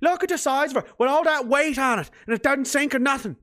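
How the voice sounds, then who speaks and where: A man voicing an excitable small-town local gawking at a ship, gushing and swearing in a Newfoundland accent. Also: quick pace. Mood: amazed. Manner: gushing, high-pitched, swearing.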